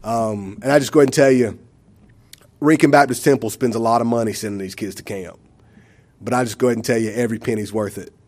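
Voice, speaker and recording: A man tells a church testimony, his voice at a middle pitch. He rambles with many fillers, and his speech is emotional. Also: fairly even intonation, fast talker, darkish tone. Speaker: church member giving a testimony.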